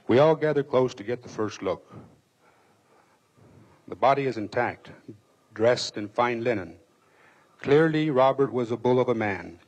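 A man reads a first-person memoir passage aloud in a measured, dramatic way. He lingers over vivid lists and details. His voice is husky and a little rough, with a mid-range pitch. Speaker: reader.

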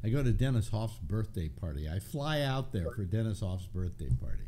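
An older man hosts a casual talk show, rambling through stories with a lively, up-and-down voice. A faint hiss of background noise sits under his speech. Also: on the low side, brisk. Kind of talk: casual chat.

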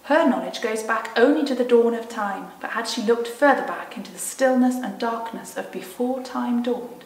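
A woman's voice: fairly high pitch, normal speed, natural voice. A woman voicing a great, wise male lion in a storybook, speaking steadily and solemnly. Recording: roomy echo from a distant mic.

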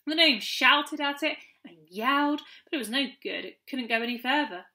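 A woman narrates a children's storybook in a clear, measured way. Her voice is high and bright, telling the story at an even pace. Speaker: audiobook narrator.

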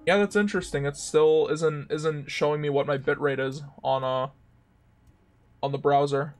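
A man live-streaming a video game, reacting out loud in an excitable, swearing way. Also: fairly high pitch, moderate pace, soft background music. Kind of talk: casual live-stream commentary.

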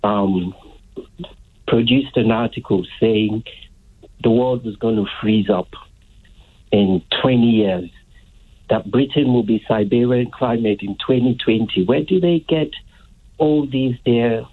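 A male caller rants indignantly down a tinny phone line. He speaks slowly, in a husky voice that has a slight rasp to it. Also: medium pitch. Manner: indignant, ranting. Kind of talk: phone-in call.

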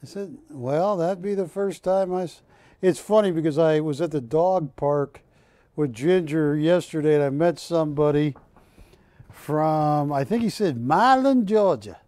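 A man's voice: a little high, animated, unhurried, dark tone, dry recording. A man hosting a live shopping channel, joking with the crew and counting prices down. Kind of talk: live TV sales pitch and banter.

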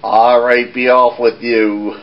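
A man's voice: medium pitch, flat delivery, slow pace, muffled recording, natural voice. A man voicing a hungry troll under a bridge in a puppet show, drawing out his threats. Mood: menacing.

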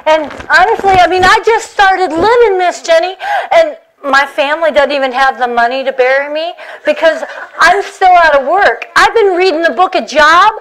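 A woman's voice: extremely high pitch, normal speed, fairly bright tone, distant mic, low-quality recording. A woman putting on the goofy character Wanda for a children's church comedy sketch, wailing, giggling and praying in a panic. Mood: worried.

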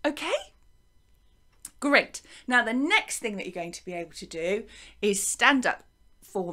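A woman with an English accent teaching young children a music and movement lesson to camera, gentle and encouraging, chanting along with the actions. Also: mid-range voice, expressive, takes it slowly. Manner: gentle, encouraging, sing-song counting and chanting. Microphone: wearing a microphone.

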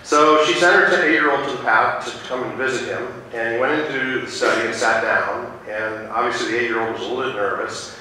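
Recorded by a distant mic in an echoey church sanctuary, a male pastor preaches at a brisk pace in a medium-pitched, pushed, bright voice. His sermon rambles through stories with many fillers and restarts, and there's a little hiss or hum.

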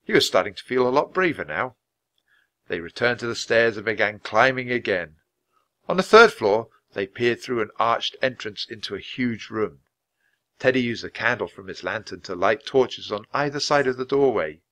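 A man reading a children's chapter book aloud at a natural, clear pace. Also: mid-range voice, animated, moderate pace, fairly bright tone. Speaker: storybook reader.

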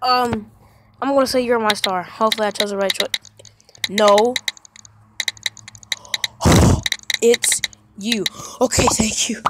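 High-voiced woman on a noisy phone recording. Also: takes it slowly, long pauses. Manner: animated, reads chat lines aloud with playful reactions. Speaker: gamer reading a texting game aloud. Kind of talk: casual let's-play commentary. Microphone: phone microphone via screen recorder. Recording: loud noisy phone screen recording with clicks.

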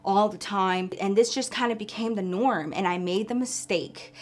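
A woman vlogger telling a story in casual, animated chat, often calling her listeners girl. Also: medium pitch, normal speed.

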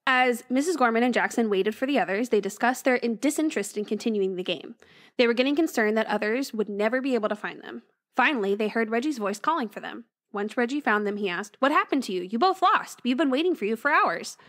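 A woman's voice: lively intonation, fast, fairly bright tone. A woman co-hosting a podcast, casually retelling a ghost story and lifting her voice for the quoted lines. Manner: reads story aloud, voices quoted lines with raised pitch. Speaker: podcast co-host.

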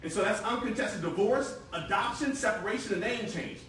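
Male presenter, 40s, lively and joking; bright tense tone, distant mic. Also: sits high, brisk, a little hiss or hum. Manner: lively, joking, conversational storyteller. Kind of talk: live sales presentation. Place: meeting room with audience. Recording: very echoey room from far off.

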